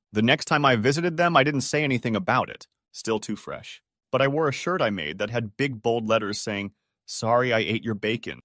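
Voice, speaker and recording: A man reading out online stories in a lively scripted narration. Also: medium pitch, dry recording, clean studio sound.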